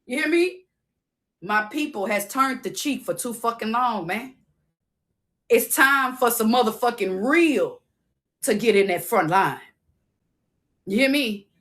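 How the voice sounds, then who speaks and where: A high, bright woman's voice, ranting on a phone livestream. Her delivery is fiery and profane. She keeps pressing listeners with the same challenge again and again. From Southern United States. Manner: fiery, profane, keeps asking "you hear me". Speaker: livestream host.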